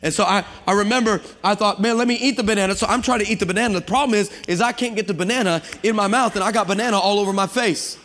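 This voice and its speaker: Man, preacher, high voice, energetic sermon with shouted peaks, long church reverb. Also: quick pace, few pauses. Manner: energetic, builds to shouting, humorous asides. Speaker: guest preacher. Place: church sanctuary with congregation.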